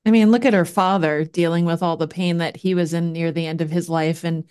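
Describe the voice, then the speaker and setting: Low-voiced woman hosting a podcast. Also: fairly even intonation, darkish tone, clean tone. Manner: attentive, short backchannel replies, measured questions. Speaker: podcast host. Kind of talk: casual podcast interview.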